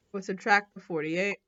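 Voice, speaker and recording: A woman teaching a math lesson in a casual, relaxed way, thinking aloud and correcting herself as she works through problems. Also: mid-range voice, dull audio.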